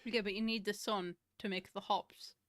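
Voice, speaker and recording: A woman's voice: mid-range voice, steady tone, moderate pace, fairly bright tone, dry recording, clean studio sound. A woman co-hosting a casual live stream, teasing and laughing often.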